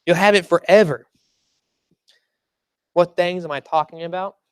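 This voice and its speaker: Preacher at a church service, mid-pitched, talks through the sermon like a story and leans on repeated lines; dry, close recording. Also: steady tone, normal speed, smooth, dry recording. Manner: conversational storytelling, emphatic repeated phrases.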